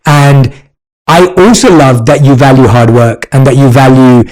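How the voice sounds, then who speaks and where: A man's voice: mid-range voice, moderate pace, darkish tone, poor audio. A man with a British accent hosting an interview, earnest and full of praise for his guest. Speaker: podcast host. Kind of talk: conversational interview.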